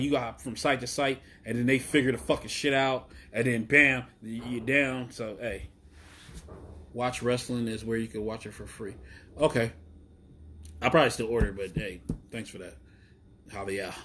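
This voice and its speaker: A man hosting a wrestling show alone, ranting in a rambling, profane, excitable way with lots of fillers. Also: mid-range voice. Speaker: wrestling podcast host. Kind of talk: solo casual rant.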